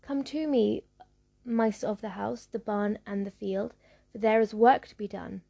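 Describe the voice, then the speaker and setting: A woman voicing a calm, comforting magic doll in a storybook reading, chanting rhyming calls. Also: mid-range voice, normal speed, lightly acted. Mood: summoning.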